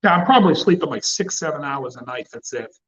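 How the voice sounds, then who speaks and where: A man's voice: a little high, lively intonation, fast, a bit bright, lo-fi sound. A man hosting a cigar channel, chatting casually and bluntly with plenty of swearing. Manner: blunt and profane. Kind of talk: casual livestream chat.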